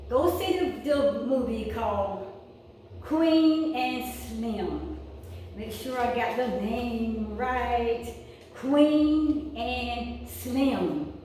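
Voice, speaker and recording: Middle-aged woman vlogger, heartfelt and repetitive, slightly high voice, distant mic in an echoey gym. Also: darkish tone, a little hiss or hum. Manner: heartfelt, repeats phrases. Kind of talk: casual vlog talk. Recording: echoey room from far off.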